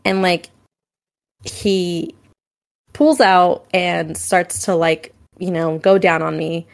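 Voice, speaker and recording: A woman's voice: on the low side, slow pace, gravelly. A young adult woman co-hosting a podcast, telling frank personal stories in casual chat, with many "like"s and "um"s. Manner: candid storytelling, frequent "like" and "um". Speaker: podcast co-host.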